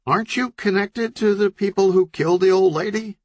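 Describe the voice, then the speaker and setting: A man's voice: high-pitched, a little fast, no echo, pitched above the performer's own voice, close to an everyday voice. A man voicing a smarmy, self-satisfied male celebrity businessman with a glib, oily way of talking.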